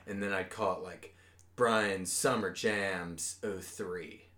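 A man's voice: low-pitched, fairly even intonation, slow pace, sharp tone. A man in his thirties co-hosting a podcast in casual chat, joking and swearing freely. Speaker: podcast co-host.

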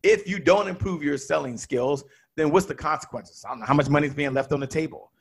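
A man coaching on sales as a podcast guest, emphatic and animated, acting out little dialogues. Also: a little high, quick pace, vocal fry, slight background noise.

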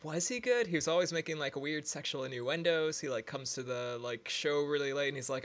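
Mid-pitched man, casual podcast co-host, chatty and joking. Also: a little fast, a bit bright. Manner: chatty, heavy use of "like", jokey. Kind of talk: casual movie discussion.

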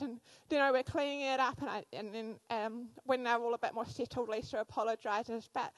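Thirties woman preaching, chatty animated stories, kinda high voice, dry close sound. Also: a little fast, few pauses, no echo, rough recording. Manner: animated storytelling with fillers. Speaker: church speaker. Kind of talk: sermon with personal stories.

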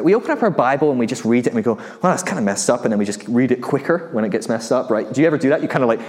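A man's voice: mid-range voice, darkish tone. A man preaching in a casual, conversational way, full of rhetorical questions and light chuckles. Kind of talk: casual sermon. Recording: long hall reverb.

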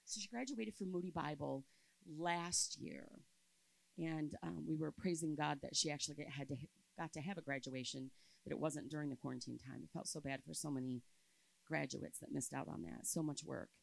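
At a church camp, a woman in her fifties preaches a sermon around a personal story, alternating between loud emphasis and soft, quiet moments. Her voice is low-pitched and creaky, her pace moderate, and the audio quality poor.

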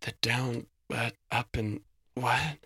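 A man's voice: mid-range voice, fairly even intonation, takes it slowly, pushed and bright, breathy edge, no room sound, clean studio sound, voice pushed up, exaggerated voice. A man voicing a frightened young woman who stammers and panics. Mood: bewildered.

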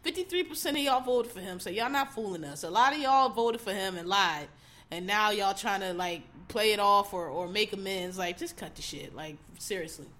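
A woman's voice: medium pitch, animated, normal speed, fairly bright tone. A woman hosting a casual commentary show, ranting bluntly with heavy swearing and exasperated mockery. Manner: mocks others in put-on voices.

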